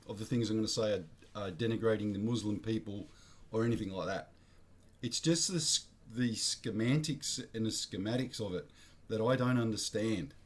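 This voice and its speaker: An Australian man vlogging his blunt opinions in a rambling, slangy monologue, often correcting himself mid-sentence. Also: mid-range voice.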